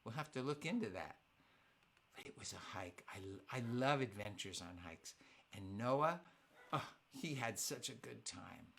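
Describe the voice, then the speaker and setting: A man's voice: on the low side, lively intonation, unhurried, vocal fry, fairly bright tone, slight background noise. A man hosting a live family concert, chatting playfully with his audience, telling stories and reading their comments aloud. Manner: playful, storytelling, reads viewer comments aloud. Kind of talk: casual chat with online audience.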